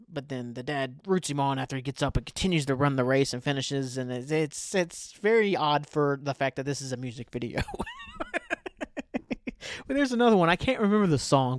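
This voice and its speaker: A man with a slightly high voice hosts a laid-back solo podcast, rambling loosely, cursing casually and frequently trailing off. The recording is dry and studio quality.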